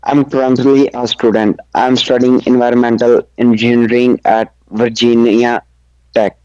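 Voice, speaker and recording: Young man, careful halting speech, muffled call. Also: medium pitch, level tone, dark tone, smooth, no room sound. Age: young adult. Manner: careful, halting reading of practice sentences. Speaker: student.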